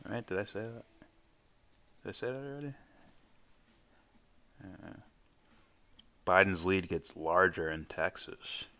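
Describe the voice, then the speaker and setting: Deep-voiced man hosting a live stream. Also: expressive, slow pace, long pauses. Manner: loose, profane, thinking out loud. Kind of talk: casual live reaction, reading chat aloud.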